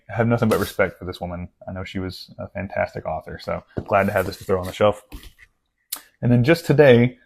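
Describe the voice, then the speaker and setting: A man's voice: fairly low pitch, darkish tone. Rambling man chatting about a book haul. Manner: rambling, self-deprecating, talks in asides and restarts. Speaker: book vlogger.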